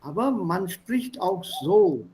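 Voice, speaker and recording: High-voiced man teaching German. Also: sing-song, takes it slowly, darkish tone, poor audio. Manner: explanatory, mixes English, German and Hindi. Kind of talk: online language lesson. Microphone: video call.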